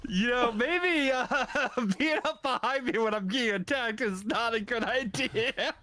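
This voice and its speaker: A man's voice: very high-pitched, unhurried, sharp tone, a little hiss or hum. A man co-playing on a stream, chatting casually with teasing laughs and casual swearing. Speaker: guest co-player. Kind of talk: casual gaming chat.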